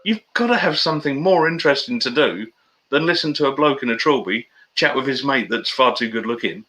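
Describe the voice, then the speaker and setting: Bright-voiced chatty man. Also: medium pitch, animated, brisk, rough recording. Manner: chatty storyteller, matey banter. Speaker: guest. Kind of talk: casual interview chat.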